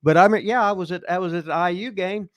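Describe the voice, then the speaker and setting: A man's voice: high voice, fast, no room sound, clean studio sound. A man in his seventies from Indiana, hosting and telling rambling, profane stories from his past. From Indiana, USA. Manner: profane, rambling anecdotes full of restarts. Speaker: show host telling stories. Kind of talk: casual storytelling chat.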